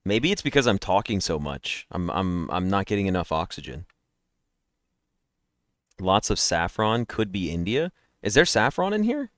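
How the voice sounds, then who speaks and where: A man's voice: deep voice, animated, measured pace, long pauses, fairly bright tone, no echo, clean studio sound. A man streaming daily guessing games, chatting and rambling nonstop to his viewers through a headset mic while yawning. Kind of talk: casual live-stream chat.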